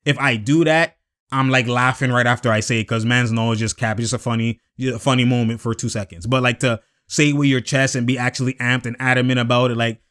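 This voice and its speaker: A young man talks straight to his audience in a loose, slang-heavy way, circling back and piling on fillers as he riffs on basketball. His delivery is animated, and he pushes his voice up when he gets fired up. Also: medium pitch, fast talker, clear, resonant tone. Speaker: basketball commentary host. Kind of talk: casual solo commentary.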